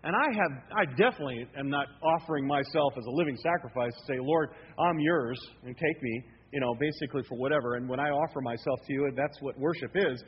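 A man preaching a sermon as pastor, lively and acting out his listeners' thoughts. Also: mid-range voice, fast, few pauses, slightly rough. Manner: animated preaching, acts out listeners' inner voices. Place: church hall. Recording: lo-fi hall recording with faint noise.

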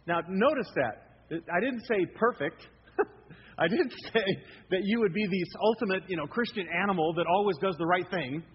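A man preaching a sermon as pastor, lively and acting out his listeners' thoughts. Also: high voice, moderate pace. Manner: animated preaching, acts out listeners' inner voices. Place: church hall. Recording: lo-fi hall recording with faint noise.

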